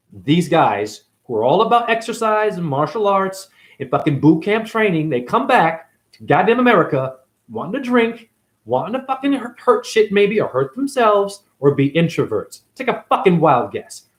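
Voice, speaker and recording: Angry, profane man ranting loudly. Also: high voice. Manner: angry, confrontational, swears constantly. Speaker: self-styled spiritual teacher.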